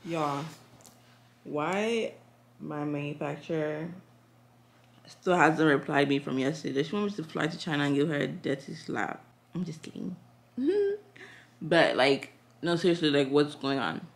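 A young woman, a fashion designer, chatting casually to camera in a vlog, excitable and full of "y'all" and "like", with a slight lisp. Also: deep voice, unhurried, creaky, pauses often.

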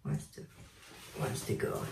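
A woman's voice: measured pace, a little mellow, a little hiss or hum. A woman bird breeder giving a casual handling demonstration, cooing baby talk to a tame parrot, often near a whisper. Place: aviary indoors. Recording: roomy, from a distance.

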